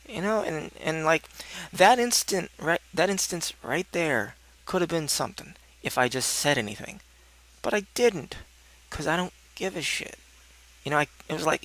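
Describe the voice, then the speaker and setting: A man's voice: mid-range voice, expressive, normal speed, a bit bright. A young man in a casual, rambling monologue, answering questions in a sardonic tone and swearing freely. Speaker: video blogger answering questions.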